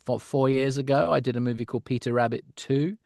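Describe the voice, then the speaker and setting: A man's voice: medium pitch, fairly even intonation, fast, vocal fry, a little mellow, no room sound. A middle-aged man chats easily in an interview, telling stories with lots of energy, laughing often and breaking into character voices. His voice sits in a mid register and is recorded close and dry. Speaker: voice actor, guest. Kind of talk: casual interview chat.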